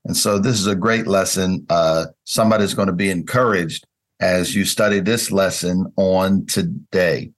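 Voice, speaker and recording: A man's voice: low-pitched, fairly even intonation, moderate pace. A man hosting a conversational Bible study lesson, speaking unhurriedly with frequent fillers and restarts.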